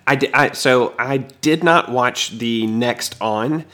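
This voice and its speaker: A man co-hosting a casual podcast chat, speculating in a measured way and thinking aloud with small hesitations. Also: medium pitch, pushed and bright. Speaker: podcast co-host. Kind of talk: casual chat analyzing anime episodes.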